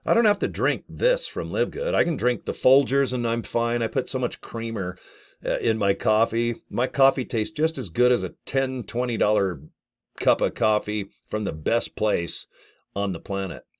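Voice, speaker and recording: Man, middle-aged, casual vlog chat, playful and exaggerated, lively swooping pitch. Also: normal speed. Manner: playful, exaggerated, jokey rants. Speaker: vlogger promoting products. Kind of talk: casual joking monologue.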